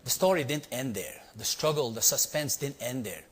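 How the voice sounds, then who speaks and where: A man from India with an Indian accent, telling a story to a live audience and quizzing them with quick asides. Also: mid-range voice, slightly rough. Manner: animated, quizzing the audience with "yeah?" and "right?". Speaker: leadership speaker. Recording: long hall reverb.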